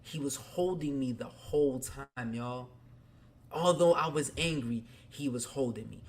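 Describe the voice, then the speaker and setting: A man hosting a podcast, telling a personal story candidly in casual slang, talking straight to his listeners and swinging between quiet and loud. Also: mid-range voice, measured pace. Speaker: podcast host.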